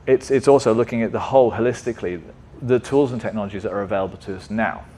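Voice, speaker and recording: A man's voice: fairly low pitch, fast, dark tone. A man presenting at a tech meetup in a conversational way, often checking in with the audience. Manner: conversational, asks frequent "right?" checks. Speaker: conference speaker.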